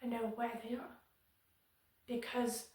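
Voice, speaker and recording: A woman's voice: a little high, level tone, slow pace, darkish tone, distant mic. A woman giving firm, earnest advocacy commentary to viewers as a vlogger. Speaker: disability vlogger. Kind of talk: direct-to-camera advocacy commentary. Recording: very echoey room, voice somewhat off-mic.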